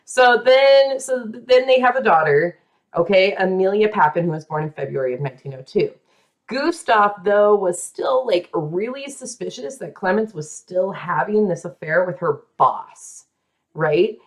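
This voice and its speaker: A woman hosts a podcast, recounting a true story in a loose, dramatic style full of asides and quick impressions of the people involved. Her voice sits at a medium pitch and stays animated.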